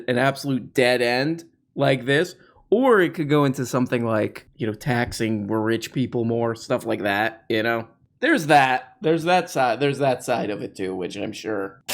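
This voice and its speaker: A man hosting casual political commentary, talking in a sardonic, mocking way with frequent restarts. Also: medium pitch. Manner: sardonic, mocking, with many restarts and put-on quote voices.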